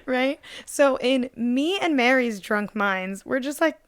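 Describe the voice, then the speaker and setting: Against a noisy background, a young woman co-hosting a casual podcast tells a story animatedly, peppering it with "like" and acting out the voices of the people involved. Her voice is high and expressive, and she takes her time.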